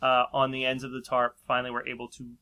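A man's voice: medium pitch, completely flat delivery, fast talker, sharp tone. A man casually telling a long story in a chat, rambling and laughing often. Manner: rambling, laughs often, acts out quoted voices.

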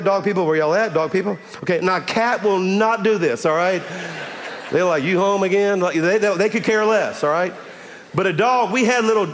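A middle-aged man, preaching a sermon as pastor in an animated, folksy way and talking directly to the congregation. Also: high voice, big-room sound. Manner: animated, folksy, chatty with the audience.

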